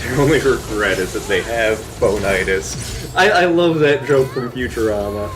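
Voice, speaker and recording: A man co-hosting a gaming stream, chatting casually and jokily, now and then slipping into quick silly voices. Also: medium pitch, background noise. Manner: animated, jokey, slips into quick silly voices. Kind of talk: casual chat. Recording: game music playing behind.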